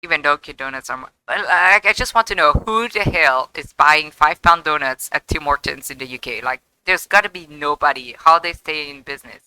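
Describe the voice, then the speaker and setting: A live streamer does casual let's-play commentary over game music, chatty and exclaiming, often cutting himself off mid-sentence. The mid-range voice is bright and forceful, a little fast with few pauses. The tone is clean with no echo, though the recording is rough.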